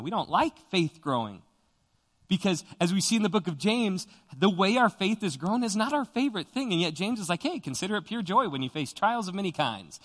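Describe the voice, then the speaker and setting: A man's voice: medium pitch, a bit bright. A young man preaching a sermon in an earnest, conversational way, often repeating himself. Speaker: pastor. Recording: long hall reverb.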